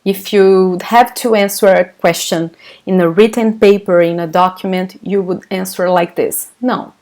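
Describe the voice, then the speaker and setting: A woman's voice: mid-range voice, fairly even intonation, normal speed, darkish tone. A Brazilian woman with a Brazilian Portuguese accent, teaching her native language in English during a live online class, patiently explaining and answering chat questions.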